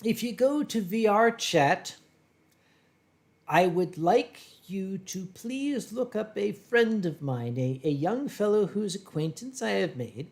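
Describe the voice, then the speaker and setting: A man hosting a casual drinking livestream, telling rambling, theatrical stories full of swearing. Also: sits high. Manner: rambling, theatrical storyteller with profanity. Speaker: livestream host. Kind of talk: casual drinking-stream chat.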